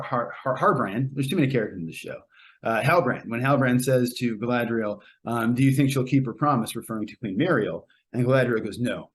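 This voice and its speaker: A man hosting a casual solo review, rambling and conversational with lots of fillers, and his pitch jumps up sharply when he gets excited. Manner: animated, jumps up when quoting. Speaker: show host reviewing a TV episode.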